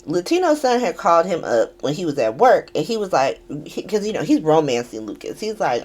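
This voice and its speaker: A woman hosting a podcast who recaps a soap opera in a casual, animated and sarcastic way, laughing often. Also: fairly low pitch, fairly quick, hardly any pauses. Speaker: podcast host.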